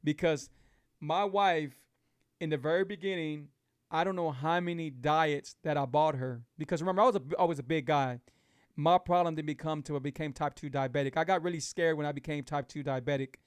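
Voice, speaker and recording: A middle-aged man with a drawl sits close to the mic and talks to his viewers in a casual live chat. His voice sits unusually high for a man, and the sound is dry and close, with no room around it. He hammers his points home and repeats them like a preacher. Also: fairly even intonation, brisk, clean tone, dry recording. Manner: emphatic, repetitive, preachy encouragement. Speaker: host of a keto lifestyle show.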